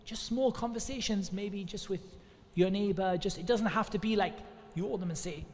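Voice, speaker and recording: High-voiced man preaching in a hall. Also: normal speed, darkish tone. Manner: earnest, conversational, repeats devotional phrases. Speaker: preacher giving religious advice. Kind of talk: informal religious advice talk.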